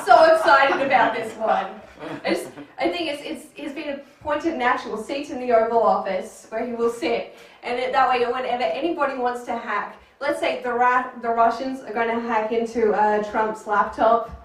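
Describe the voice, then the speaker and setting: A woman with an Australian accent performing a stand-up comedy set, dry and deadpan with sudden excited bursts. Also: fairly high pitch, normal speed, distant mic. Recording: echoey room heard from afar.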